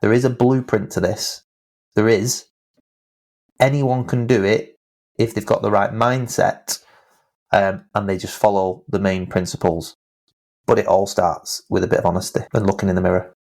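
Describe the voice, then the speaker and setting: A man's voice: fairly low pitch, level tone, moderate pace, vocal fry, a little mellow. A man hosting a podcast in casual chat, talking with enthusiasm and often repeating words as he speaks. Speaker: podcast host.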